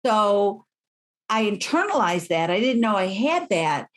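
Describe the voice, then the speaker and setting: A woman's voice: mid-range voice, sing-song, unhurried. A middle-aged woman, a life coach, speaking candidly and reflectively as an interview guest.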